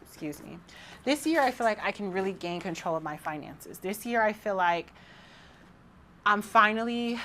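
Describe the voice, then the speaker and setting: A woman in her thirties talking casually to camera as a vlogger, excited and rambling, with frequent restarts. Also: mid-range voice, moderate pace, pauses often, a little hiss or hum.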